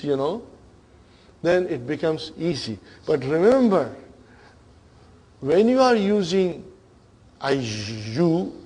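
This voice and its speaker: Here a high-voiced man runs an Arabic grammar lesson, testing the class over and over with questions and offering quiet, murmured praise.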